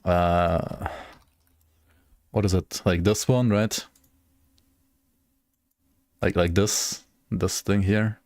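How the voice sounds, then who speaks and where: A man's voice: low voice, fairly even intonation, drawn-out words, long pauses, darkish tone, no room sound. A young man chatting casually on a gaming livestream, rambling, swearing freely and laughing often. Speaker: gaming streamer.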